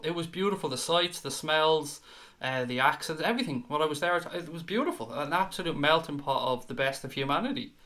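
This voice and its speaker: A man's voice: fairly high pitch, fairly bright tone. A man with an Irish accent hosting a live fan chat stream, reading out viewer comments in an earnest, chatty way and repeating words when he gets worked up. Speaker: fan show host.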